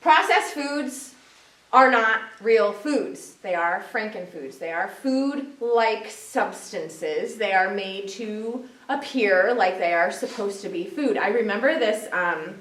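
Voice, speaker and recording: A woman's voice: medium pitch, animated, takes it slowly, fairly bright tone. A woman giving a casual, chatty talk to a group at a health meeting, often using "like" and "um". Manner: chatty, with fillers like "like" and "um". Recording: echoey room from far off.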